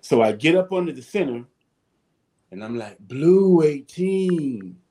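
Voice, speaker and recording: Man spinning animated stories. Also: mid-range voice, moderate pace. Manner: animated, swears casually, acts out voices. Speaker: guest, former football player. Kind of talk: casual storytelling.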